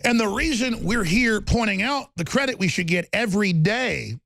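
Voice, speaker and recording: A man hosting a political talk show, ranting rapidly and heatedly with stammering restarts. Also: high voice, animated, gravelly, fairly bright tone, dry recording.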